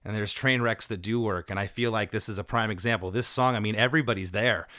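An energetic man hosts a relaxed music conversation, picking apart a song section by section. He quotes lyrics in playful voices and sounds close and dry on the mic. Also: on the low side, fast talker, dry recording. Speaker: podcast host. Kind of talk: casual music chat, breaking down a song.

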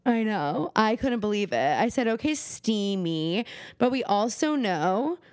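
A woman's voice: fairly high pitch, sing-song, unhurried, no room sound, studio quality. A young woman co-hosting a podcast, chatting casually as she recaps a TV episode, acting out the characters' lines and swearing freely. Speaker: podcast co-host.

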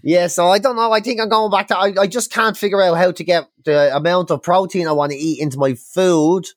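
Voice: medium pitch, steady tone, brisk, dry recording, clean studio sound. A podcast co-host in casual chat, ranting with heavy swearing.

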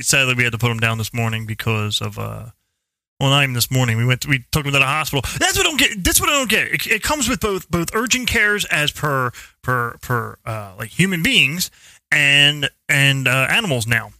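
Rambling, foul-mouthed man with a bright voice. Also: mid-range voice, expressive, normal speed, creaky, no echo. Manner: rambling, swears a lot, restarts often. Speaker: podcast co-host. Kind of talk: casual profane chat.

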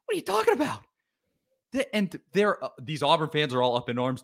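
A man on a sports podcast rants about rival fans, his bright voice jumping up and down in pitch. He talks with lively, teasing force and drops into mocking whiny imitations. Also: fairly quick, gravelly. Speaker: podcast co-host.

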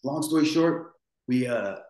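Animated yet unhurried, a forties-aged man with a mid-range, slightly mellow voice recounts a painful experience as a podcast guest. His emotional telling rambles, with restarts and repeated words, and the audio carries a roomy echo.

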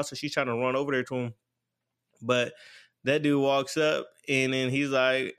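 A man's voice: mid-range voice, fairly even intonation, brisk, a bit bright. A man casually recapping an anime plot in a rambling way, full of fillers and repeated "blah, blah, blah.". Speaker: anime reviewer.

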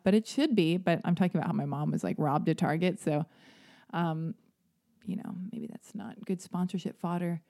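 A woman hosting her own podcast, rambling through a story in a self-deprecating way and jumping into high, animated voices when she quotes people. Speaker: podcast host. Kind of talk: casual solo podcast monologue.

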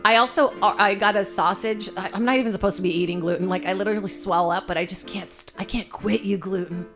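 A woman's voice: medium pitch, fairly even intonation, quick pace. A woman co-hosting a comedy podcast, riffing animatedly with crude jokes. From immigrant, born abroad. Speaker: podcast co-host. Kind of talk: casual comedy chat. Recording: music playing behind.

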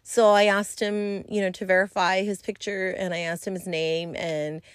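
A woman's voice: medium pitch, flat delivery, normal speed, smooth, no echo, studio quality. A woman hosting a podcast, telling a casual story in a rambling way, swearing freely and using lots of fillers. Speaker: podcast host.

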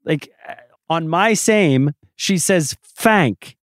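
A man's voice: a little high, sing-song, normal speed, no room sound, clean studio sound. A man co-hosting a podcast in casual chat, opinionated and sarcastic. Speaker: podcast co-host.

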